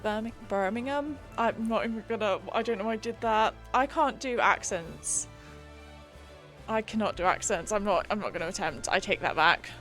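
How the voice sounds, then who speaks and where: A woman's voice: medium pitch, moderate pace, fairly bright tone, faint music behind. A young woman from England chatting casually on a live stream, giggly and reading chat aloud into a desk mic. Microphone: desk mic she keeps bumping.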